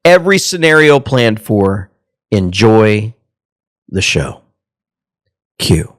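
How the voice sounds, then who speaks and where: A man's voice: fairly low pitch, very animated, slow. A man from Georgia hosting a commentary show. He speaks earnestly and emotionally, calls his listeners folks, and leads a prayer. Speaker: host.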